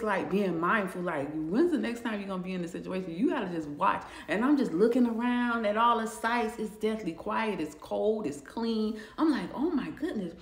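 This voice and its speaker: A young woman casually telling a personal story to camera, animated and jumping high when she acts out her own shock. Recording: echoey room.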